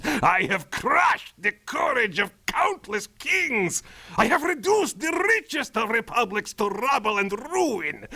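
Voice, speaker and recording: Bright, gravelly cartoon overlord villain: pompous boasts that turn into whiny tantrums, slow and deliberate. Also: male voice, heavily acted. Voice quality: gravelly, swinging from booming to whiny. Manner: grand villain boasts that collapse into tantrums and self-pity. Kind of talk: cartoon voice impression.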